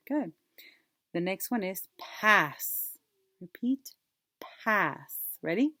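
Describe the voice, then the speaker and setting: Woman teacher doing phonics with little kids, super slow and clear, dry close mic. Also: medium pitch, animated, fairly bright tone, no echo. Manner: slow, clear, drawn-out word modeling with repeat prompts. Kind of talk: phonics lesson for young children.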